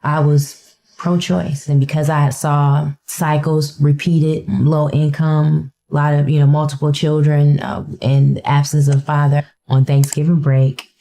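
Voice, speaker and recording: A woman telling her own story in a deliberate personal testimony. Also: low-pitched, little pitch movement, warm tone, a little hiss or hum. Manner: slow, deliberate. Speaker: interviewee sharing her story.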